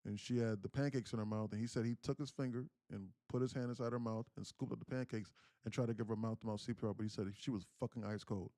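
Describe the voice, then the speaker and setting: Here the day trading streamer, a man of about thirty, talks fast with hardly any pauses, his mellow, lowish voice holding fairly even intonation. Candid and earnest, he relates a personal family tale and often repeats phrases. The sound is dry and studio clean.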